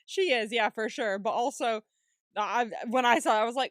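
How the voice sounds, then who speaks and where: A woman's voice: fairly high pitch, fairly quick, no echo. A woman co-hosting a podcast, chatting casually and emphatically, often laughing and repeating herself for emphasis. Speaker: podcast co-host. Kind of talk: casual recap chat.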